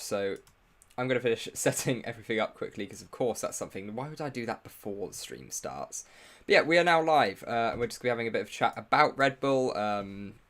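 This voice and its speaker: Young guy streaming live, chatty, greets chat, jokes about his own setup, mid pitch. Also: a bit bright. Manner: chatty, greets chat viewers, self-mocking asides. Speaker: livestream host.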